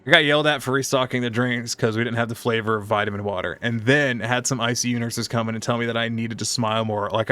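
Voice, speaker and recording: A man's voice: medium pitch, sharp tone. A man streaming live, telling a profane, exasperated story in casual chat.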